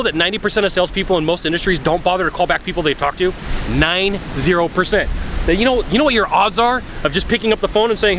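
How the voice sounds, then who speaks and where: A man's voice: high voice, fast talker, a bit bright, slight background noise. A man giving blunt sales advice in a casual vlog, acting out phone calls as he talks. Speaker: sales coach. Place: outdoors by a bay.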